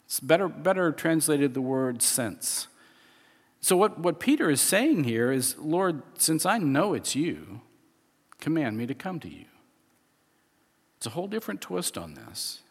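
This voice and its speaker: A man's voice: a little high, very animated, unhurried, slightly rough, in a large hall. A man preaching a sermon in a conversational way, often restarting and chuckling as he explains scripture. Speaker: pastor.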